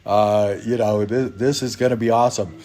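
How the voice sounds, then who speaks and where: A man giving an informal spoken appeal about his ministry, halting with many restarts and growing emotional. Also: on the low side, steady tone, mellow. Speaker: ministry leader. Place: hotel in Uganda.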